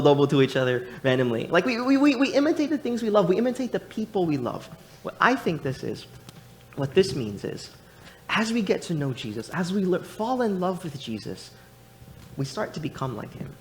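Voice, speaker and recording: A young man preaching a sermon in a church, animated and rambling, with many restarts and casual fillers. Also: high-pitched.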